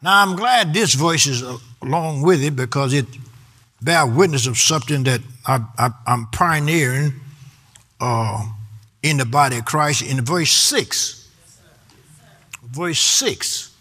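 A man's voice: medium pitch, a little slow, sharp tone. A man preaching a sermon in a rhythmic, half-sung delivery, drawing out words for emphasis and calling for responses from his congregation.

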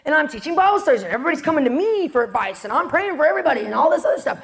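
A ministry speaker shares her testimony with an audience in a high, bright, gravelly voice at a very fast clip. She's an animated storyteller, acting out quotes in different voices for each person and laughing often.

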